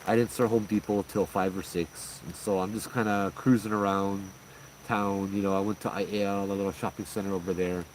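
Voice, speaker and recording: A man's voice: deep voice, brisk, slight background noise, low-quality recording. A man with a Hawaiian Pidgin-tinged accent, animatedly telling a ghost story in a casual, slangy way, often acting out what people said. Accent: Hawaiian Pidgin-tinged English. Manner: animated, slangy, lots of "I'm like". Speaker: host telling ghost stories.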